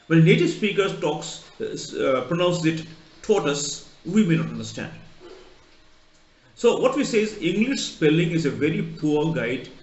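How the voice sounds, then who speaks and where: A man's voice: fairly high pitch, very animated, normal speed. A male college lecturer explaining pronunciation, spelling words out letter by letter and telling short anecdotes. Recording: echoey room, dull lo-fi sound.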